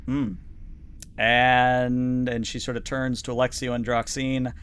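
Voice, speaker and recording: A man's voice: medium pitch, monotone, takes it slowly, a bit bright, clean tone. Casual: guy running a tabletop game, chatty, lots of uhs. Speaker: game master.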